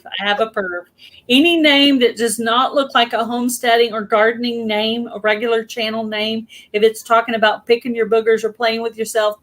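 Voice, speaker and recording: Bright-voiced Southern woman hosting a livestream. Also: on the high side. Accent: Southern American. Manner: laughing, flustered, exclaiming. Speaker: livestream host. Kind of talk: casual live chat.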